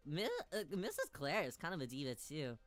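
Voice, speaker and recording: A woman streamer plays a visual novel at normal speed, her pitch swooping wildly over soft background music. She reads the lines aloud and jokes around, playful and giggly, breaking into sudden high squeals in this casual let's-play commentary.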